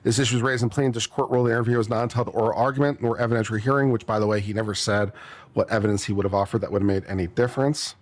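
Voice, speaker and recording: Guy speed-reading court stuff off a clip, mumbly, super fast. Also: fairly low pitch, steady tone. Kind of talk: reading a legal brief aloud with commentary.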